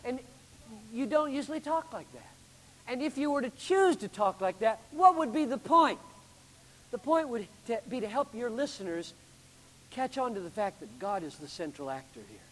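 A man pastor delivering a sermon with emphatic preaching, building to loud climaxes and then dropping low. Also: animated, normal speed, long reverb tail, low-quality recording.

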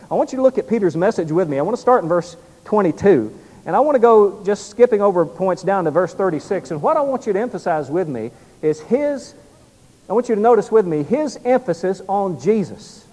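High-voiced man preaching in a reverberant hall. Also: very animated, fairly quick, a little mellow. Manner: emphatic, rising and falling in volume for effect. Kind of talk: sermon.

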